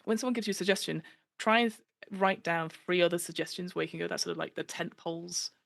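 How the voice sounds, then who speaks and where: A woman speaking quickly in a lowish, gravelly voice, chatting as a podcast guest. She talks animatedly and drops into the voices of the people she quotes. The sound is dry and close. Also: no echo. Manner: animated, acts out quoted voices, many fillers. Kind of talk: casual podcast chat.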